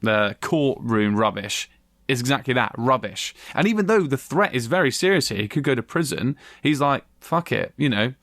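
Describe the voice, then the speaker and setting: A man co-hosts a film review podcast in a chatty, animated way, dropping the odd swear word. His voice sits at an ordinary pitch and sounds dry and close to the mic. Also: normal speed, no room sound. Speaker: podcast co-host. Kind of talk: casual film review chat.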